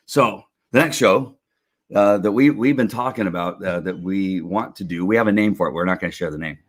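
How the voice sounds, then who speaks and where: A man's voice: low-pitched, a little fast. A middle-aged man hosting a casual livestream, rambling with lots of restarts and chuckles. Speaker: host of a faith and politics livestream.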